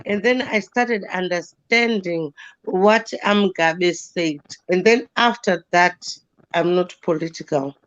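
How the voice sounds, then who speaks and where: A speaker from Zimbabwe in a casual panel discussion, earnest and quick to apologize when cutting in. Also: medium pitch, fairly bright tone, muffled recording. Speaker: panel guest.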